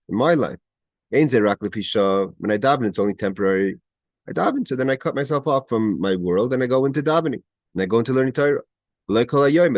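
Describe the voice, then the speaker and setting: Male Torah teacher over a video call, mid-pitched, dry close sound, reads a line and translates it, restarts a lot. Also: no room sound. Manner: reads Hebrew phrases, then translates them; frequent restarts, rising emphatic questions. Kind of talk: explaining a Chassidic text in class.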